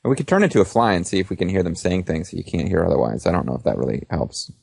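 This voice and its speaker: Gravelly man joking through a game. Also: low-pitched, big pitch swings, rapid-fire, a little mellow, no room sound. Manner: joking, explains game mechanics. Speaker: let's play co-host. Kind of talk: casual game commentary.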